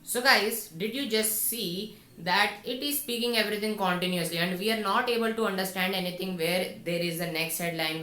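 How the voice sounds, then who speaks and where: A man teaching a coding tutorial, talking slowly and step by step through what he types. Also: high-pitched, bright, forceful tone, reverberant. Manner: slow and instructive, talks through each step. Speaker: programming tutor. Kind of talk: screen-recorded coding tutorial.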